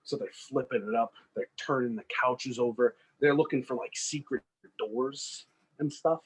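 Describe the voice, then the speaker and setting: Husky man telling a story with gusto. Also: mid-range voice, normal speed, poor audio. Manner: animated, acts out characters' lines. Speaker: podcast co-host. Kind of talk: casual storytelling chat.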